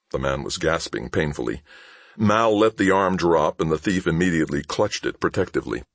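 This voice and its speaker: A man narrating an audiobook in a measured, expressive storytelling manner. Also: rumbling low, dry recording.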